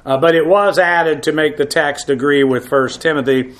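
A man with a somewhat high voice teaches a verse-by-verse Bible lesson. He pauses often on uh fillers while working through the text. His asides are blunt and frank. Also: fairly bright tone. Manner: halting, frequent uh fillers. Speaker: pastor.

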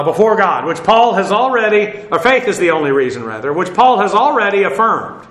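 A man's voice: high-pitched, pushed and bright, roomy sound. A man giving a verse-by-verse Bible lesson, talking conversationally with fillers and asides while he stands before a seated audience. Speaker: Bible teacher.

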